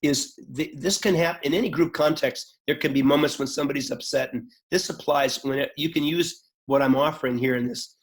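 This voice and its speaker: A man's voice: fairly high pitch, fairly quick, few pauses. A man teaching a webchat on working with upset people in groups, explaining thoughtfully with fillers and restarts, now and then acting out the voices in his examples. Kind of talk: webchat talk.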